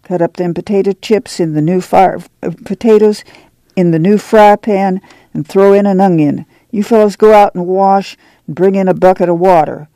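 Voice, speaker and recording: A firm, worried farm mother gives orders in a rural drawl with a gravelly edge, as a woman reader puts her on. The voice is mellow and recorded dry and close. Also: medium pitch, normal speed, no room sound, close to an everyday voice.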